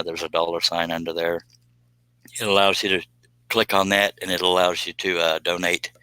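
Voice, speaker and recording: A man's voice: sits low, pushed and bright, clean tone, dry recording, rough recording. A man chatting casually on a live stream, reading viewer comments and joking around with a rambling, laugh-prone manner. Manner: joking, rambling, laughs at his own jokes.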